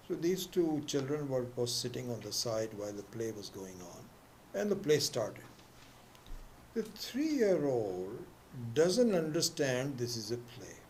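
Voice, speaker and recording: A man's voice: mid-range voice, a little mellow, slight background noise. A man teaching a scripture class, telling a story with many restarts and acting out its voices. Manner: storytelling, acts out quoted voices; halting restarts. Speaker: spiritual teacher.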